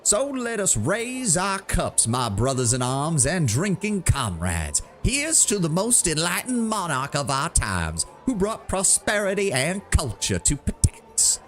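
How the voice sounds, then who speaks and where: A man voicing a pompous young male half-elf bard, speaking in flowery, drawn-out, mocking toasts. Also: fairly high pitch, wildly swooping pitch, a bit bright, soft background music, pitched above the performer's own voice, heavily acted. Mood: grandiose.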